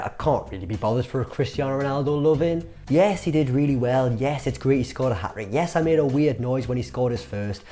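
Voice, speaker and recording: Cheeky young man hosting a football vlog. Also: mid-range voice. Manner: cheeky, sarcastic, lively banter. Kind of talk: comic football commentary vlog.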